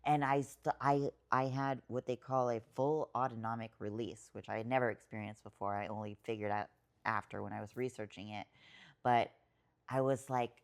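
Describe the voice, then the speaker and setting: A woman's voice: very deep voice, steady tone, moderate pace. A woman guest on a podcast, telling a personal story in casual, rambling talk full of fillers and swearing, emotional at times. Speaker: podcast guest, writer and poet.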